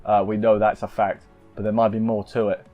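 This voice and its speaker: A man's voice: on the low side, monotone, brisk. Guy doing a rambly anime episode recap, keeps restarting his sentences, kinda muffled audio with faint music under it. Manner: rambling, self-interrupting, playful asides. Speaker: anime reviewer.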